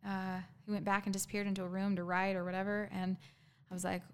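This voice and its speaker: A woman guest in an interview telling her own story candidly, halting, with frequent ums and restarts. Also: medium pitch, level tone, smooth.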